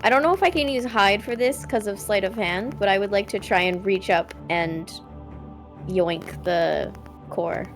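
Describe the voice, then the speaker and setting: A woman's voice: medium pitch, measured pace, poor audio. Woman player, hesitant and wordy, faint music behind. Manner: hesitant, explains her moves with many fillers. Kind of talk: tabletop game chat.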